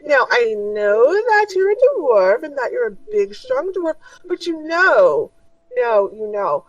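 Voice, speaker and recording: A pushy, fashion-mad shopkeeper woman, put on by a woman running a tabletop game, pitched high and gushing with wheedling sales talk. Her delivery swoops up and down, and the sound is dry and set back from the mic. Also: dry recording, far from the mic, full character voice, poor audio.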